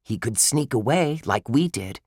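A man's voice: medium pitch, expressive, unhurried, darkish tone, slightly rough, no echo, studio quality, voice pushed up. A man voicing a bold, spirited young girl detective who talks hopefully.

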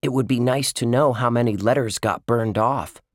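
A man's voice: mid-range voice, moderate pace, no echo, studio quality, voice pushed up, natural voice. A man voicing a friendly young boy who teases his pal. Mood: teasing.

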